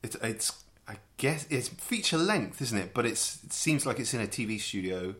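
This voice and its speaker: A man's voice: medium pitch, very animated, moderate pace, a bit bright. A man co-hosting a film podcast in casual chat, teasing and dry, with frequent stumbling restarts. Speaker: podcast co-host.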